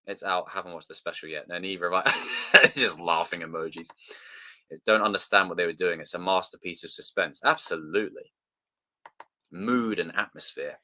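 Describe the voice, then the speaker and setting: A man hosting a live stream chats casually, reading viewer comments and swearing as he banters. He also quotes films mockingly, in a low-pitched, bright and forceful voice at a moderate pace.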